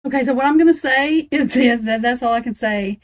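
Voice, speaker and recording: A woman's voice: sits high, fairly quick. A woman reading tarot on a live stream, chatting to her viewers in a flustered, giggly way and laughing between her lines. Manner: talks straight to viewers and chat.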